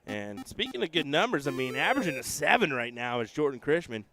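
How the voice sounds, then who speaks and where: A man giving relaxed, chatty live commentary on a darts match, with joking asides about himself. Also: mid-range voice, fairly quick, faint music behind. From United States.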